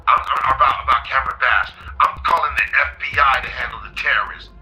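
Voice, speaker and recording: A man losing his voice, speaking in a hoarse, half-whispered voice as he rambles on agitatedly about his grievances. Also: medium pitch, fast, pushed and bright, soft background music, poor audio. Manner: agitated, rambling, self-aggrandizing. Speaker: caller in played recording. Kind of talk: complaint call.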